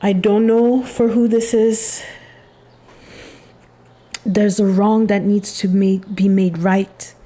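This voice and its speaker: A woman giving a channeled spiritual reading, speaking in a soft, meditative, halting way. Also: medium pitch, flat delivery.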